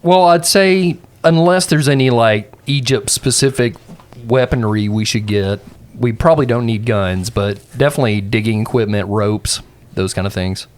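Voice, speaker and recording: Male player, mid-pitched, relaxed and joking, casual game chat. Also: moderate pace.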